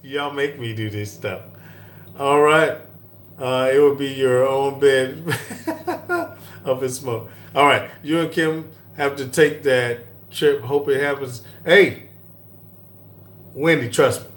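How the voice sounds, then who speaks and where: A middle-aged man hosts a live-stream Q&A from an airport, reading viewer comments in a relaxed, chatty way and laughing often. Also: mid-range voice, takes it slowly. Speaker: cooking channel host. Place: airport lounge. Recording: echoey airport with faint hum.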